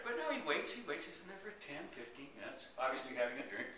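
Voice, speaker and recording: A man's voice: fairly high pitch, quick pace, a crowd in the background. Man telling a joke in an echoey room. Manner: chuckling, animated storytelling. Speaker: joke teller at a club meeting. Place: meeting room indoors. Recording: echoey room from far off, noisy.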